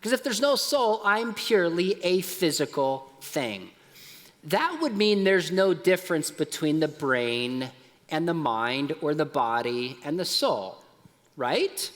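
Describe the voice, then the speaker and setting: A middle-aged man giving a lively talk at a youth conference, dropping soft and low at emotional points. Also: slow, big-room sound. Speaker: conference speaker. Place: large conference hall.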